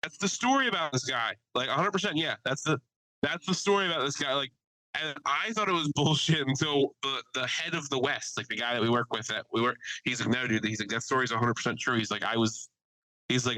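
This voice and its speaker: A man's voice: mid-range voice, a little fast, pushed and bright, dry recording, poor audio. A man on a casual podcast, animatedly telling an anecdote, swearing freely and quoting people he met. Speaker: podcast co-host. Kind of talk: casual storytelling chat.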